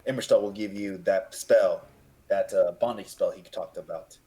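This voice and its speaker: A noble lord addresses his allies with formal, rousing words, voiced by a man running a tabletop game. It stays close to the man's own low voice, only slightly raised. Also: normal speed, dark tone, lightly acted. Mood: earnest. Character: noble male lord, commander rallying allies.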